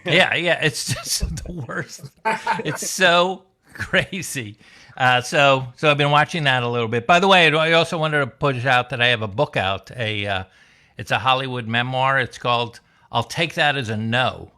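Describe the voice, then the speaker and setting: A man doing a wry, deadpan stand-up comedy set alone in his room, telling stories and singing silly songs. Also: medium pitch, moderate pace. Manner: wry, deadpan storytelling with sung bits. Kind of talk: stand-up set over video call.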